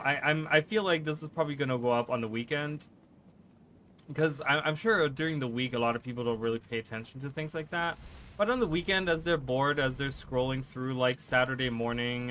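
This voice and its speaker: A man streaming live gameplay who chats fast and rambles, often restarting his sentences. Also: medium pitch, fairly bright tone, slight background noise. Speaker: gaming streamer.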